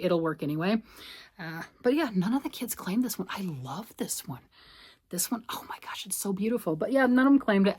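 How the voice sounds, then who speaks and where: A woman casually chatting in a craft vlog as she sorts through her knitted and crocheted pieces, rambling and thinking out loud. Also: mid-range voice. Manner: chatty, rambling, talks to herself while sorting.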